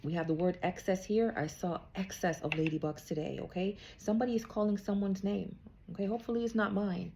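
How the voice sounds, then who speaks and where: A woman's voice: mid-range voice, steady tone, fairly quick, creaky, warm tone, a little hiss or hum. A woman giving a casual spiritual card reading, chatty and checking in with "okay?" after nearly every thought. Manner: chatty, repeats "okay?" often. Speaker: psychic card reader.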